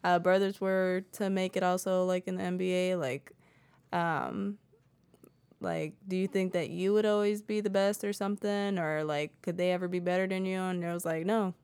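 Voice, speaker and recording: A woman co-hosting a podcast, talking quietly and loosely with lots of "like". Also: fairly low pitch, steady tone, normal speed, clean tone, no room sound. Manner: quiet, many fillers, from farther off. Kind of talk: casual podcast chat.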